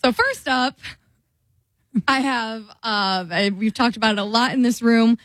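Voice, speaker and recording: A woman's voice: fairly high pitch, expressive, a little slow, fairly bright tone, dry recording. A woman co-hosting a radio show in a studio, chatting casually and laughing at her own habits. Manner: chatty, self-mocking, slips into playful voices. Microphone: studio mic.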